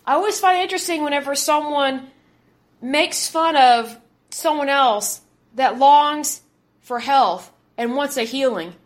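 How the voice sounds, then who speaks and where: A woman's voice: high voice, unhurried. A woman in her thirties hosting an opinionated commentary podcast, talking in an indignant, emphatic way and repeating words for stress. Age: 30s. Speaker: podcast host.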